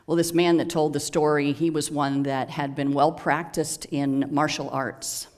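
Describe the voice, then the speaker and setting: Slow, measured sermon storyteller. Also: mid-range voice, flat delivery, a little mellow. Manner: slow, measured, dramatic pauses. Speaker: minister.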